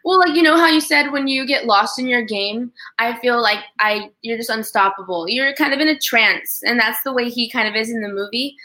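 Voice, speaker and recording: Chatty young woman with a bright voice. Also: a little high, a little fast, hardly any pauses. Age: young adult. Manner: chatty, uses "like" a lot, laughs easily. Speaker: guest, collegiate golfer. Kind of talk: casual chat.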